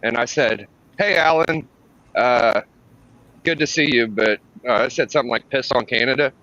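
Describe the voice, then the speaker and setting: Bright-voiced man on a dull line. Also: medium pitch, normal speed, no echo. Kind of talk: casual chat.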